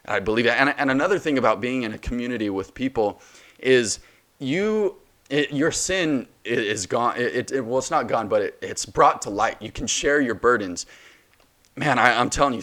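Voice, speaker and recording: A man's voice: mid-range voice, expressive, normal speed, fairly bright tone. A man in his twenties hosting a solo faith podcast, talking passionately and preachily, with many restarts. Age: 20s. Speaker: podcast host.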